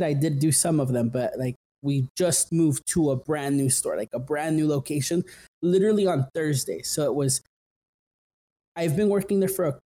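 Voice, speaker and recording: Young male podcast host, mellow tone, loose rambling storyteller with lots of filler words. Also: on the high side. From San Fernando Valley, California. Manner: rambling, full of "like" and "um", restarts often. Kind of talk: casual storytelling.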